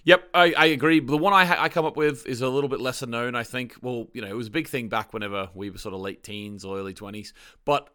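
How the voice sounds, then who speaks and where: A man's voice: mid-range voice, quick pace, pushed and bright, clear, resonant tone. A man in his thirties hosting a casual podcast, chatty and laughing, with many restarts. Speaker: podcast host.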